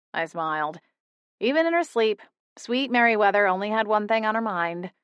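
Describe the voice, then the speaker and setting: A young woman narrating a first-person audiobook in a steady, intimate storytelling manner. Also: medium pitch, no room sound. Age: young adult.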